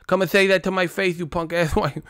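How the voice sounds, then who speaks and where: A man doing an impression of a feared boxing champion, taunting in a high, profane voice. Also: fairly even intonation, fairly quick, a bit bright, no room sound, studio quality.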